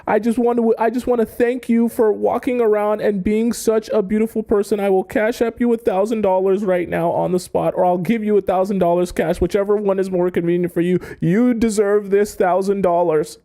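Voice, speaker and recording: A man putting on a frantic male admirer on his knees, crying and begging in a strained, squeaky falsetto. The voice sits far above a normal speaking pitch and is thin and oddly colored, with a mellow, soft tone underneath. The pleading gushes out in a desperate rush. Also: steady tone, fairly quick, hardly any pauses.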